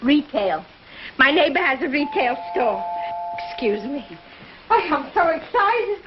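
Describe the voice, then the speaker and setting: An actress playing a chatty, warm-hearted housewife and mother in a 1950s TV sitcom, fussing in quaintly worded sentences, on a dull old soundtrack. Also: high voice, big pitch swings, a little slow, background noise. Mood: bustling. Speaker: lead character, family mother.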